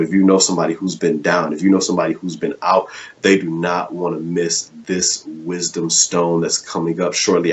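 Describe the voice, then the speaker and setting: Deep-voiced man hosting a live show. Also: highs cut off. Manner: rises into fervent preaching cadence; casual with frequent fillers. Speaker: host and life coach. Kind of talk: live online show with preaching.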